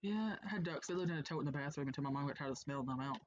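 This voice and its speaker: A woman's voice: deep voice, rapid-fire, no room sound. A young woman from Kentucky with a Kentucky accent, co-hosting a let's play in casual chat, rambling and swearing as she plays. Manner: rambling, swears freely, yelps at the game. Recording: dull lo-fi sound with background noise.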